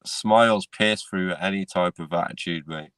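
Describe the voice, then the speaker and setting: Deep-voiced man, dry sound. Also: normal speed, a bit bright, clear, resonant tone, no echo. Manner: laid-back, peppers speech with "mate" and "innit". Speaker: podcast co-host. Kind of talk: casual chat.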